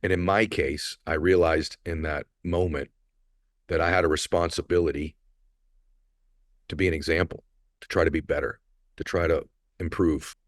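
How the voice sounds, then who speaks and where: Middle-aged male podcast host, extremely low voice, earnest and motivational, emotional, dry studio sound. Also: fairly even intonation, normal speed, long pauses, no echo. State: emotional, choked up. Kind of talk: emotional solo storytelling.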